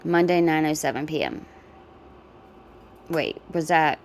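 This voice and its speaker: A woman's voice: low-pitched, a little slow, darkish tone, a little hiss or hum. A woman giving casual, chatty reaction commentary, often exclaiming and laughing. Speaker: reaction vlogger.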